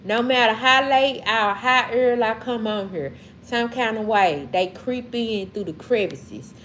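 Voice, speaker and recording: A woman's voice: medium pitch, a bit bright, slight background noise. A woman from Mississippi with a Southern accent, casually chatting on a livestream and answering comments. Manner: slow, drawling, talks back to chat. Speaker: livestream host.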